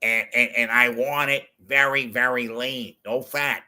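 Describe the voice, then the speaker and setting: A man doing an impression of a polite, rumpled TV detective, slow and hesitant. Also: medium pitch, steady tone, pushed and bright. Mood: apologetic. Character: polite rumpled TV detective ordering food, apologetic.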